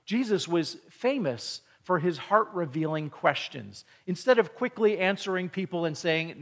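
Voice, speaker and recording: A man's voice: fairly high pitch, lively intonation, a little slow, hardly any pauses. Middle-aged man teaching on faith and fatherhood. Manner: earnest, explains with stories and quoted dialogue. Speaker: Christian parenting teacher. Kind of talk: devotional teaching.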